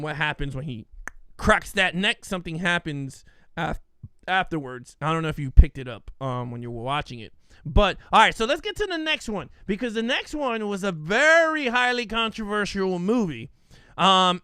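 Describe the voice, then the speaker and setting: A man co-hosting a casual podcast, excitable and reading out chat comments. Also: high-pitched, clear, resonant tone, no room sound. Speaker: podcast co-host.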